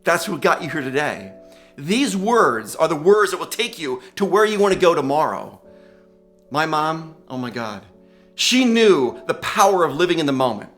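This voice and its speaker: A man's voice: fairly high pitch, very animated, moderate pace, fairly bright tone, faint music behind. A gray-haired man giving an upbeat, enthusiastic motivational commencement speech, laughing often. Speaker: commencement speaker. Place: large ceremony hall.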